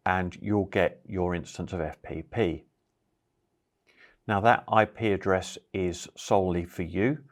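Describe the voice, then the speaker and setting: A man hosting a tech tutorial, explaining network setup in a relaxed, casual way with some fillers. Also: low voice. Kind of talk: casual screen-recorded tutorial.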